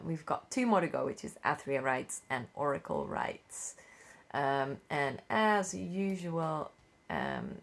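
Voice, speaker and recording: Gravelly low-voiced woman reading rules. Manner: unhurried, with frequent fillers and self-corrections. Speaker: rulebook reader. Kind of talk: casual reading aloud of game rules.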